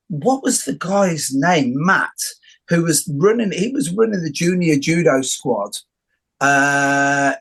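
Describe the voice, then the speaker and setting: A middle-aged man hosting a casual interview, telling jokey, animated stories. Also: a little high. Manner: joking, animated storyteller. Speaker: host.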